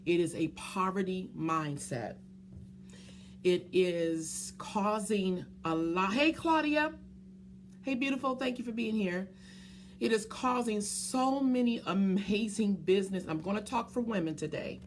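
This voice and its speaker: A woman's voice: medium pitch, a little slow, a little hiss or hum. A woman business coach in a live stream, speaking earnestly from the heart to viewers, often stopping to greet them by name, with many ums and restarts.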